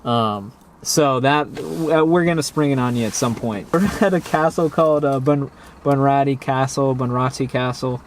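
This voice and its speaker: Male vlog host, relaxed and chatty, mid pitch, faint background sound. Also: moderate pace, slight background noise. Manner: relaxed, chatty, addresses viewers. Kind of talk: casual vlog narration. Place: outdoors on a day trip.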